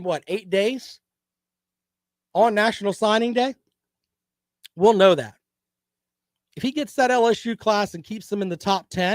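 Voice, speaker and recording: A man's voice: high-pitched, dry recording. A man hosting a casual live-stream sports talk show, giving opinions and reading viewer comments.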